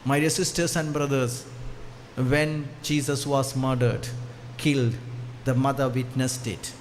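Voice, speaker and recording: A male priest giving a storytelling sermon, repeating key phrases and swinging from hushed to loud as he leads the congregation in call-and-response. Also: medium pitch, fairly even intonation, a little slow, slight background noise.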